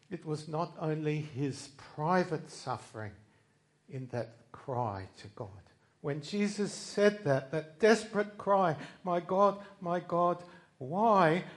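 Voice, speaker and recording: A man preaching a sermon in an earnest way, swinging from loud quoted cries to hushed asides. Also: a little high.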